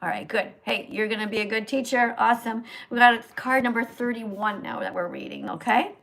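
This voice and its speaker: An older woman hosting a livestream, lecturing and correcting a reader's pronunciation slowly and sternly. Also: a little high, fairly even intonation, fairly bright tone. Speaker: host, vegan teacher. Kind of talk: livestream reading lesson.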